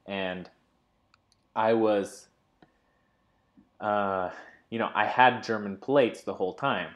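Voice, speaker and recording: A man telling a driving story in a casual, halting way, with many fillers and restarts. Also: lowish voice. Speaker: co-host.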